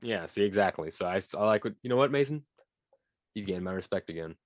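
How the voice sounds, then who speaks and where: A man's voice: deep voice, lively intonation, fast talker, dry recording, clean studio sound. A young man co-hosting a podcast, casually and playfully reading out trivia quiz questions and teasing his co-host.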